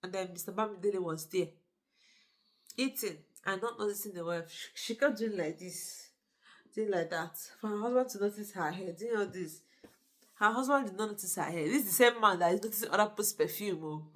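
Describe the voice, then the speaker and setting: Casting: woman, relaxed film recap, slightly low voice, talkative asides. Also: a little fast. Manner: chatty, with conversational asides. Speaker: movie reviewer. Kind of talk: casual movie recap narration.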